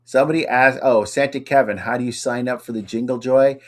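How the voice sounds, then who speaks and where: A man's voice: medium pitch, fairly even intonation, brisk. A man co-hosting a casual chat show, upbeat and chatty, reading out viewer comments. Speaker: co-host.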